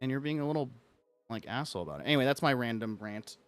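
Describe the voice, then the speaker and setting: A man's voice: medium pitch, animated, fast, fairly bright tone, clear, resonant tone. A young man streaming, ranting casually to his chat in a rambling way, filling his talk with "like". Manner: rambling, heavy use of "like", acts out quoted lines.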